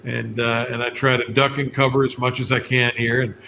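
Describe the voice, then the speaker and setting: A man's voice: medium pitch, little pitch movement, brisk, creaky, sharp tone, slight background noise. A man from West Virginia, a guest on a radio talk show, telling folksy stories and laughing easily. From West Virginia, USA. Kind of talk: radio interview chat.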